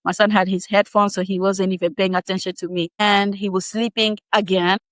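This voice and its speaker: Woman guest telling a story, lively and chatty, dry close sound. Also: mid-range voice, no echo. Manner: animated, laughing, quick asides. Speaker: podcast guest. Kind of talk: casual storytelling.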